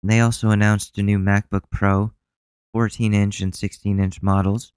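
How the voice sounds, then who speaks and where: Blunt, profane, ranting podcast host. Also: male voice, lowish voice, little pitch movement, moderate pace, darkish tone, smooth, no echo. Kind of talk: solo podcast rant.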